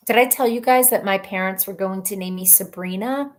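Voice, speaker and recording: A woman hosting a casual live stream, reading viewer comments aloud in a chatty, rambling way, laughing often and thinking out loud. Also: mid-range voice, brisk. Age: adult mother of children.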